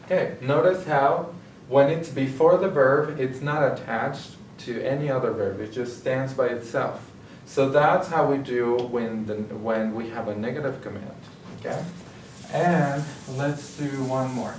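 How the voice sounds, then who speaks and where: A man's voice: medium pitch, a little slow. Man tutoring in an echoey room. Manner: step-by-step explaining, checks in with "okay?". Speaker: Spanish tutor. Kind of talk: recorded grammar lesson. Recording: echoey room, mic at a distance, faint hiss.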